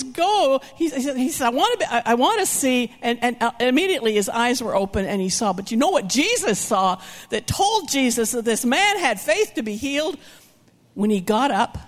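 An older woman preaching with lively, storytelling energy, her voice pitched a bit high. She acts out the people in her stories, swinging from shouts to hushed asides. The sound carries the long reverb of a big hall. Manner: animated, acts out characters with shouts and whispers. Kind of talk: sermon storytelling.

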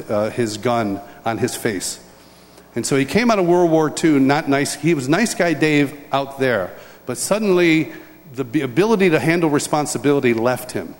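Older guy preaching, personal story, chuckles and stumbles a bit, long echo off the hall. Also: medium pitch. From upstate New York. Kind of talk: sermon storytelling.

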